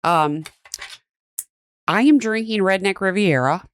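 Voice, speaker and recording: A woman's voice: mid-range voice, slow, clean tone. A woman hosting a podcast in casual chat, curious and full of questions. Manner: curious, asks many questions. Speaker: podcast host.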